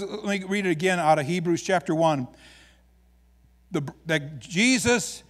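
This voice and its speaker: A man with an Upper Midwest American accent preaching a sermon as pastor, folksy and joking as he tells stories. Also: sits high. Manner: folksy, joking, animated storytelling.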